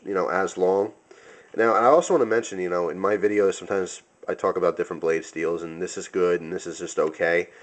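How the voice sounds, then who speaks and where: A young man giving a casual knife review, rambling with many fillers and self-corrections. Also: deep voice.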